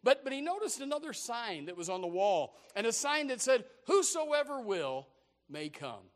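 Man, preacher, sermon storytelling, high pitch, folksy, repetitive restarts. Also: animated, fairly quick.

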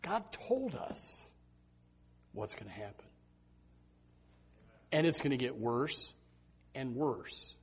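A man's voice: medium pitch, sing-song, slow pace, pauses often, slightly rough. A man preaching an impassioned, emphatic sermon as pastor.

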